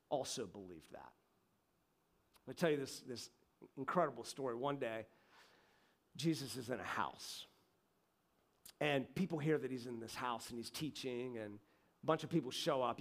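A middle-aged male pastor preaching a sermon, telling the story in an animated, conversational way with frequent asides to the congregation. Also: medium pitch.

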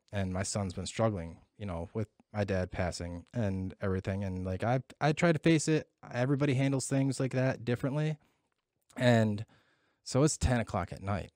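A man's voice: on the low side, darkish tone, no room sound, clean studio sound. Profane, reflective middle-aged man. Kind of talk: casual chat.

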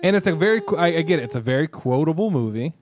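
A man's voice: a little high, lively intonation, rapid-fire, a crowd in the background. A man co-hosting a podcast in casual banter, rambling and joking as he trails off and restarts. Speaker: podcast co-host.

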